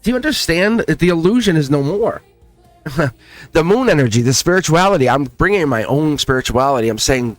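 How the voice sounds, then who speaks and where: Man doing a spiritual tarot chat, kinda high voice, repeats himself a lot and laughs, soft music behind. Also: fairly quick. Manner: animated, repetitive, laughs often. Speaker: tarot reader and channel host.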